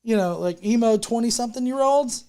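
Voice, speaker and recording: A woman with a fairly high voice talks loosely on a livestream, joking and cursing as she spins a rambling, goofy tale. Her delivery is casual and unscripted, full of fillers and asides. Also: a little fast, warm tone. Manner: rambling, joking, swears freely. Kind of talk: casual, profane livestream banter.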